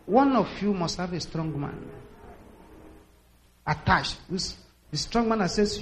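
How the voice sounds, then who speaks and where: Man, high voice, preaching, dramatic storyteller, faint background hiss. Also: slow, long pauses. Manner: dramatic storytelling, acts out quotes, builds to shouted prayer. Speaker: pastor. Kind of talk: sermon.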